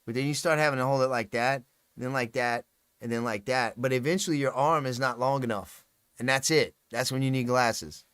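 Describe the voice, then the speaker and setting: A man's voice: mid-range voice, steady tone, brisk, a bit bright, clean tone, no room sound, studio quality. A man hosting a casual live stream, rambling, swearing freely and laughing often. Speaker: livestream host.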